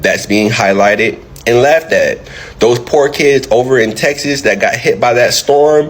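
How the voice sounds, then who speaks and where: A man's voice: mid-range voice, slightly rough, low-quality recording. A man hosting an opinion commentary, talking emphatically and repeating his points. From United States. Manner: emphatic, repeats points, tags lines with "right?". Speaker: commentary channel host.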